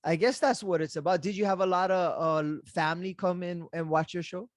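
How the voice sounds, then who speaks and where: A male podcast host with a high voice, recorded close and dry with no room sound. He asks questions in an easygoing, chatty way, full of fillers and quick laughs. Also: fairly even intonation, no echo. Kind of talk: casual interview chat.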